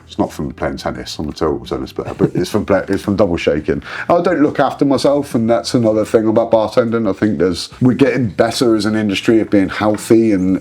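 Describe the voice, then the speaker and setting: A man in his forties, a guest telling rambling, animated stories and swearing freely in a casual interview. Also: fairly low pitch, slightly rough. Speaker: guest, drinks brand ambassador.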